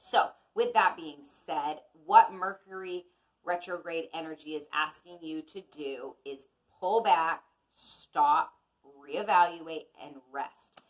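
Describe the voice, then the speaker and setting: Chatty woman with a lowish voice. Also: slow pace, poor audio. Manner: chatty and conversational, speaks directly to viewers. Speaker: intuitive healer and astrology teacher. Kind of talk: casual teaching monologue.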